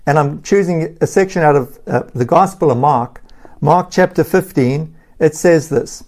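A Bible teacher reading scripture slowly and deliberately, stopping for emphatic asides and sometimes repeating words. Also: mid-range voice, a little mellow. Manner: repeats words and restarts phrases.

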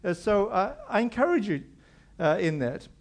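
A man's voice: sits high, very animated, moderate pace. A middle-aged male pastor preaching a conversational sermon, acting out quoted voices as he goes.

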